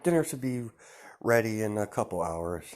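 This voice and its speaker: Man reading a caring mom, soft and motherly, near his own low voice. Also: lively intonation, moderate pace, close to an everyday voice. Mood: gentle. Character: gentle caring mother, adult woman.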